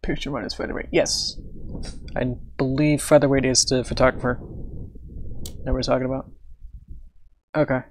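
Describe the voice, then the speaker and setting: A man's voice: medium pitch, little pitch movement, moderate pace, long pauses, slight background noise. A man chatting casually on his livestream as he draws, thinking aloud, humming to himself and chuckling between remarks. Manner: thinks aloud, hums and chuckles while he works. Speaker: livestreaming artist. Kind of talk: casual livestream chat while drawing.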